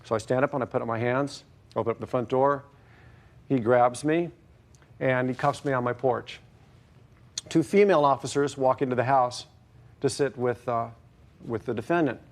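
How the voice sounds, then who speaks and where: A middle-aged man telling his story in court, halting and full of fillers. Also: mid-range voice, steady tone. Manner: hesitant, halting, many fillers. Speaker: plaintiff. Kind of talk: testimony in court.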